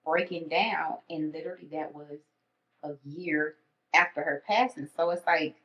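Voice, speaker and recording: A woman's voice: low-pitched, fairly even intonation, moderate pace. A woman telling personal stories in casual conversation, acting out her own inner thoughts. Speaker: podcast guest. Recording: echoey dull room sound.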